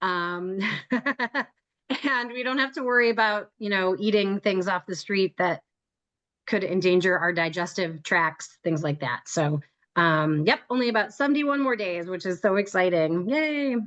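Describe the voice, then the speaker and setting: A woman hosting an online planning meeting for a group trip, speaking over a video call. She talks in a chatty, joking way, with frequent light laughs. Her pitch sits in an ordinary middle range. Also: unhurried, a bit bright, highs cut off. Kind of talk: casual meeting talk.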